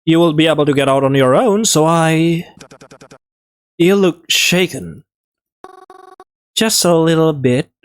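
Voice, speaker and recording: A game player voicing a gentle, apologetic young man, reading a visual novel aloud in a soft, halting way. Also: medium pitch, clean tone, close to an everyday voice. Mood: awkward.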